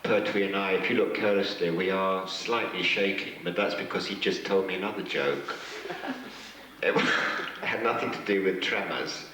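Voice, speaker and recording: A man with a low voice recounts stories to a convention crowd in a rambling, halting, self-deprecating way. He sounds distant from the mic, and the hall echoes heavily around him. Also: pushed and bright, slight background noise. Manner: rambling, hesitant, self-mocking, chuckling. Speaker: guest actor at a fan convention panel. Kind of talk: convention Q&A anecdotes. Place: large convention hall with an audience.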